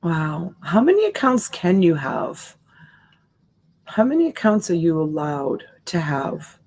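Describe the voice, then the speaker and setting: A woman's voice: lowish voice, very animated, slow, darkish tone, husky. A woman hosting a live selling stream, chatting casually and answering viewer comments by name in a sympathetic way. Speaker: live-stream seller and host.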